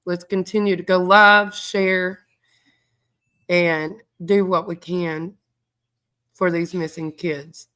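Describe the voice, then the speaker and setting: A woman's voice: on the low side, fairly bright tone. A middle-aged woman, hosting a livestream, speaking heartfelt and near tears, with a stuffed-up voice while she reads viewer comments aloud. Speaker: true crime livestream host. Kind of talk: emotional livestream chat.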